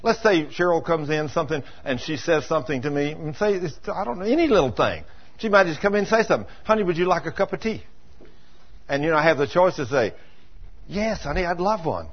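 A man's voice: a little high, lively intonation, fast talker, muffled recording. A man preaching a folksy sermon, chatty and acting out little everyday scenes.

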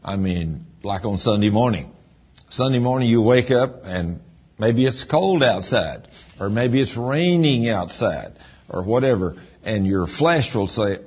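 A pastor preaching a sermon in a folksy storytelling way, building up to emphatic points. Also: male voice, fairly low pitch, lively intonation, a little slow, slightly rough. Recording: dull lo-fi recording.

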